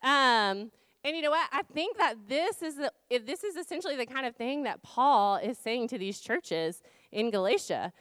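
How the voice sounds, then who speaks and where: Smooth-voiced woman giving a chatty Bible talk. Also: high voice, lively intonation, normal speed, fairly bright tone, dry recording. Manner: conversational, many um fillers, rhetorical questions. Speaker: campus ministry team leader. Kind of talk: informal Bible talk to students.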